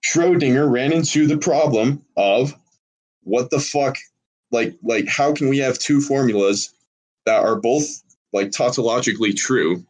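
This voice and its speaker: A man in casual group chat on a call, explaining a theory in a halting way with many restarts and swearing. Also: medium pitch, rough recording. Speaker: podcast guest explaining a theory.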